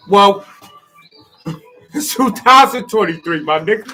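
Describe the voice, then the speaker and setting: A man with giving a rambling, preachy motivational monologue that swings from loud outbursts to low asides. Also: lively intonation, a little slow, soft background music. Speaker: speaker giving a motivational talk.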